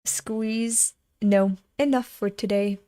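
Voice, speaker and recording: A woman's voice: medium pitch, fairly even intonation, takes it slowly, warm tone, no echo, clean studio sound. A young adult woman reading a comic aloud at home, voicing every part herself and breaking off to react. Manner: reads all parts herself, breaks off to gush and laugh. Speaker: webcomic reader.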